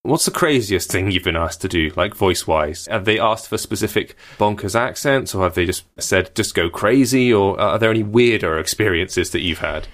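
Guy asking a voice actress questions, lowish voice, easygoing curious tone. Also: normal speed, few pauses, fairly bright tone. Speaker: interviewer. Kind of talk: casual interview questions.

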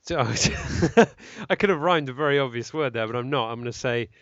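A man's voice: mid-range voice, moderate pace, dry recording, muffled recording. A man hosting a casual podcast, rambling and joking with a co-host. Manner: rambling, jokey, laughs often.

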